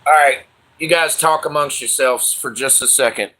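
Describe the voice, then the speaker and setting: A man's voice: mid-range voice, moderate pace, pushed and bright. A man hosting a casual livestream, chatting with viewers in loose, slangy, profane banter. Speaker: livestream host.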